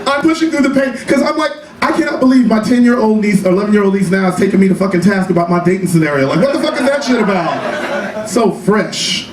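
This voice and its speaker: A man performing a one-man comedy show in a small club, telling stories in a sassy, profane way with quick asides. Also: high voice, animated. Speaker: stand-up comedian. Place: small cabaret club stage. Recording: roomy live club recording from a distance, audience noise. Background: audience laughter.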